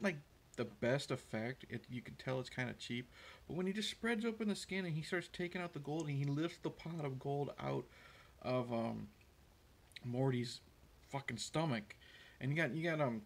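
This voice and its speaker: Guy rambling through a movie scene recap, lots of ums, ordinary mid pitch. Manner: rambling, hesitant, many fillers and restarts. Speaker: host. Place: room with a window.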